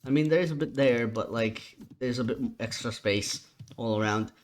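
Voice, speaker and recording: A man's voice: medium pitch, normal speed. Tired man casting a strategy game. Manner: relaxed, chatty, yawning. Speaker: esports caster. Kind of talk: solo game commentary.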